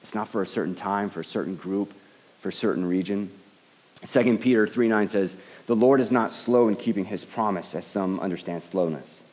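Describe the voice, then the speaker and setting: A man's voice: lowish voice, fairly quick, a little mellow. A man giving an earnest sermon as a pastor, often stumbling and repeating words as he starts a thought. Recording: long hall reverb.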